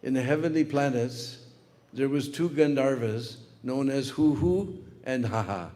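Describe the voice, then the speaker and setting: A man's voice: medium pitch, measured pace. A man giving a spiritual lecture, telling a story with lots of "uh" fillers. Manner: animated storyteller with many fillers. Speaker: spiritual speaker. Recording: long hall reverb.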